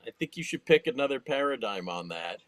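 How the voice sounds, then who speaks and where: A man's voice: mid-range voice, sing-song, a little fast, fairly bright tone, no room sound. A man in casual comedy chat on a podcast, laid-back and rambling, sometimes acting out quotes. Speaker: comedy guest.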